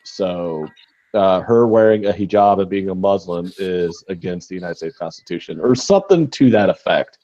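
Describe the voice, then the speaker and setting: A man's voice: lowish voice, warm tone, lo-fi sound. A man co-hosting a podcast, talking bluntly and rambling, with frequent swearing and restarts. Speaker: podcast co-host. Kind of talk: casual chat.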